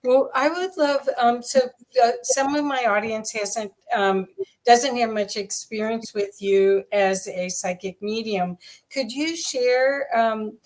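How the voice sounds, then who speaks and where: A woman's voice: fairly high pitch, slow pace. A woman hosting an interview podcast, asking questions with frequent ums and restarts. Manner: hesitant, many fillers. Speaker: podcast host. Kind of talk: casual interview chat.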